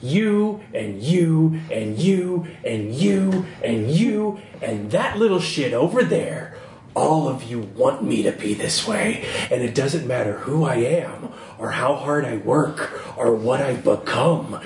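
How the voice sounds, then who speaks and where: A man's voice: mid-range voice, animated, takes it slowly. A man voicing a bitter, defiant woman in a tabletop horror game. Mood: scornful. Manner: scornful, ranting. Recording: roomy echo, faint background noise.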